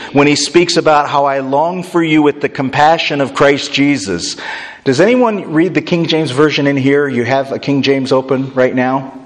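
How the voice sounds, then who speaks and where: A pastor delivering a sermon in a church hall, animated and joking with the congregation. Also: male voice, a little high. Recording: echoey hall.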